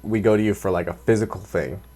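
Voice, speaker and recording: A host chatting casually in an interview, asking relaxed, rambling questions full of fillers. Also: low-pitched, quick pace, crowd noise.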